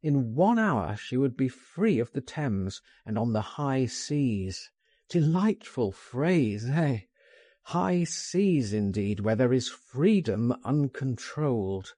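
Man, audiobook narration, measured delivery, dark husky voice, dry sound. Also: medium pitch, very animated, no room sound. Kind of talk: first-person audiobook narration.

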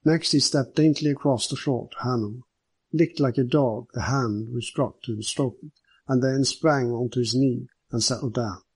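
Husky male audiobook narrator. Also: medium pitch, normal speed, a little mellow, no echo. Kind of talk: scripted mystery narration.

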